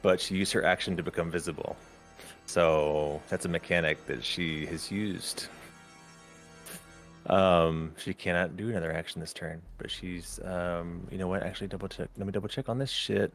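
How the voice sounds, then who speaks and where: A man running a tabletop game as game master, pausing with ums while he checks rules. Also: sits low, steady tone, a bit bright, faint music behind.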